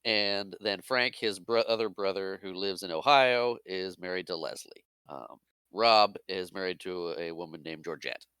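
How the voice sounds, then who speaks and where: A man's voice: sits low, measured pace, pushed and bright, clear, resonant tone, no room sound. A man co-hosting a casual movie podcast, laughing along and running through facts. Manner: easygoing, laughs often, lists facts. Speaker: podcast co-host.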